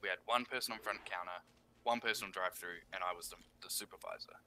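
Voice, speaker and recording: A man chatting with friends while gaming, telling a story in an animated, profane way. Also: sits low, quick pace. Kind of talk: casual story over voice chat. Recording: loud noise behind the voice.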